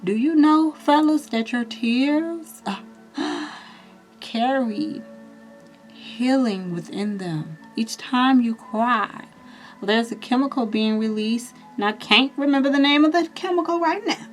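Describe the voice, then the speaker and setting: A woman's voice: a little high, lively intonation, takes it slowly, soft background music. Chatty woman giving a tarot reading. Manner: chatty, reassuring, addresses viewers directly. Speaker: tarot reader. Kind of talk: casual astrology reading.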